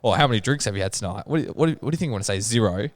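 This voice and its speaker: A young man co-hosting a podcast, talking in halting bursts and giggling. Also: fairly low pitch, lively intonation, no room sound, clean studio sound. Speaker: podcast co-host. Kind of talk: casual chat.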